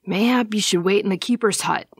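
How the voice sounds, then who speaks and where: A woman's voice: medium pitch, a little fast, breathy edge, dry recording, clean studio sound. A woman voicing a limping, burly sailor who mutters in old-fashioned dialect. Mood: gruff.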